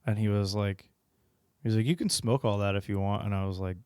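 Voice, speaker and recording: A man's voice: fairly low pitch, fairly even intonation, fairly quick, a little mellow, clear, resonant tone, dry recording. Dry-sounding laughing, swearing guy. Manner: rambling, laughs often, swears freely. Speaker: podcast co-host. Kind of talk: casual chat.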